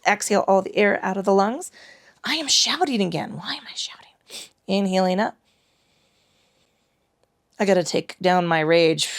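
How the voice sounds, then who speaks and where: Brief: woman yoga teacher, mid-pitched voice, talks students through breath and leg lifts with blunt, playful profanity. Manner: profane, frank and playful while cueing breath. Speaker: yoga instructor. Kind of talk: guided yoga class instruction.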